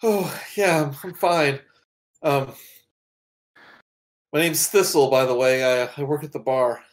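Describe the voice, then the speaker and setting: A man's voice: medium pitch, fairly even intonation, measured pace, pitched above the performer's own voice, lightly acted. A man voicing a flustered young halfling barmaid. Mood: friendly. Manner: stammering, eager.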